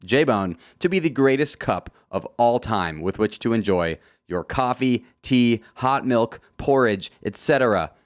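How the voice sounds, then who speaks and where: A man's voice: medium pitch, animated, unhurried, hardly any pauses, no room sound, clean studio sound. A man hosting a solo motorsport podcast, reading from a script with jokey, self-deprecating asides. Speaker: podcast host.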